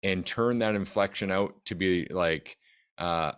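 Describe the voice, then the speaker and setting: Low-voiced joking podcast host. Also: male voice, unhurried, a bit bright, clear, resonant tone. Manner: jokey, laughs easily, adds his own take. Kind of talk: casual podcast chat.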